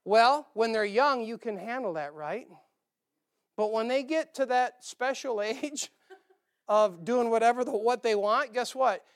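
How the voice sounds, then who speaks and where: A male pastor preaching a sermon, animated, acting out quoted voices and dropping into quiet asides. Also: very high-pitched, unhurried, clean tone.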